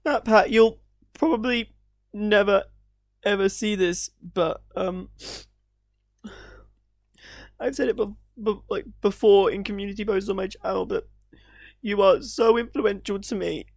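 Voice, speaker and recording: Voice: mid-range voice, moderate pace, creaky, dry recording, clean studio sound. A YouTube creator reacting to a video, teary and emotional, speaking in an earnest, gushing way and stumbling over words.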